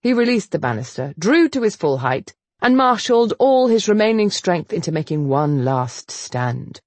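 Lively woman narrating a romance audiobook. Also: fairly low pitch, normal speed, no echo. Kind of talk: scripted narration.

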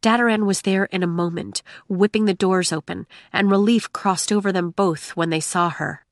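Female audiobook narrator, mid pitch, dry studio sound. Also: steady tone, moderate pace, dry recording.

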